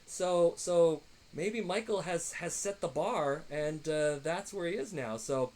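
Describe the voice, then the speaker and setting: A man's voice: fairly high pitch, slow pace, a little mellow, rough recording. A man running a tabletop game on a livestream, narrating with frequent fillers and restarts. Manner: rambling, lots of fillers and restarts. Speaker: game master.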